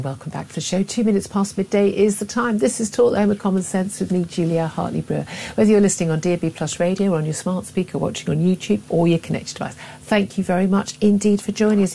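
A woman's voice: medium pitch, fast, gravelly, a little mellow. A woman, a middle-aged talk radio host, delivering emphatic, opinionated commentary with frequent restarts.

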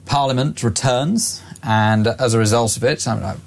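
Male radio host, forties, dry sarcastic wit, pushes his views briskly. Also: medium pitch, creaky. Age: 40s. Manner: brisk, sardonic, opinionated. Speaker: radio presenter. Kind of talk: talk radio discussion.

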